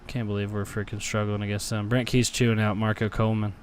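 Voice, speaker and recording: Watching football live, a frustrated young man curses at his team and answers chat, only to erupt in cheers when a big play hits. He talks fast in a lowish, level voice, and there's slight hiss or hum in the audio.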